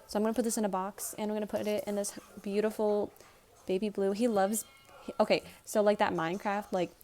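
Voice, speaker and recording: A woman in her twenties chatting casually in a vlog, talking fast and rambling a little, as she does when nervous. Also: medium pitch, flat delivery, mellow. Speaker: vlogger. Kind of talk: casual chat.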